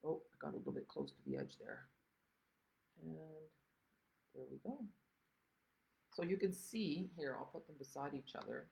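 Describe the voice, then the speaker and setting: A woman's voice: low voice, vocal fry, darkish tone, poor audio. An older woman chatting casually through a livestream craft tutorial, rambling and greeting viewers by name. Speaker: stamping craft demonstrator.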